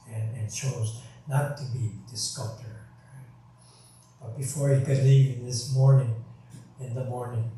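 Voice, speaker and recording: A man gives a calm sermon in a very deep, mellow tone. The sound is strongly echoey and picked up from a distance, as in a large temple hall. He speaks unhurriedly, with pauses and quick "right?" check-ins. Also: slight background noise. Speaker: Buddhist minister. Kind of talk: sermon with storytelling. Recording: very echoey hall, mic far off.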